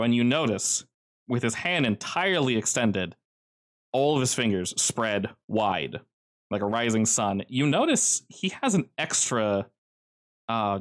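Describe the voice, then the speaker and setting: A man narrating a tabletop game as game master, describing scenes in a slow, ominous, measured way. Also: lowish voice.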